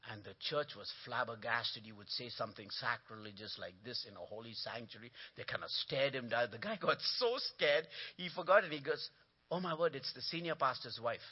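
Male guest preacher, animated sermon with call-and-response, mid pitch, muffled lo-fi audio. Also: fairly quick, hardly any pauses, breathy edge. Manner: animated storytelling with punchlines and congregation call-and-response. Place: church sanctuary.

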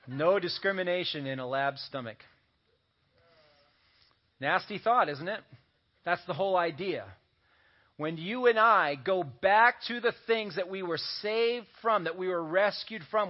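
A man preaching a sermon as a pastor, talking conversationally and slipping in joking asides. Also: sits high. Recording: dull lo-fi audio recording.

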